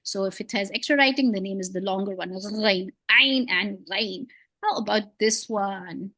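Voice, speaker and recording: A woman's voice: medium pitch, normal speed, bright, forceful tone, dry recording. A woman teaching beginners to read, patient and encouraging, with playful memory tricks and frequent praise. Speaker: Quran reading teacher. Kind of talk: one-on-one beginner lesson.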